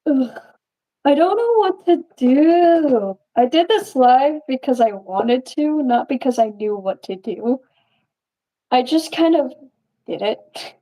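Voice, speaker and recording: A young woman with a high, mellow voice chats slowly and loosely through a live-stream Q&A. She rambles from thought to thought and laughs often as she answers. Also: expressive, rough recording.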